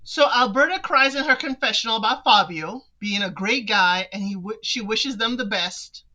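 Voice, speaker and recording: A woman hosting a casual reality-show recap, animated and talking straight to the people on the show. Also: fairly high pitch, normal speed, low-quality recording. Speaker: recap podcast host.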